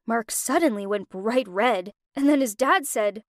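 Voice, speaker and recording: A young woman telling a first-person story with expressive, emotional delivery. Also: fairly high pitch, measured pace, no echo, studio quality. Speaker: narrator.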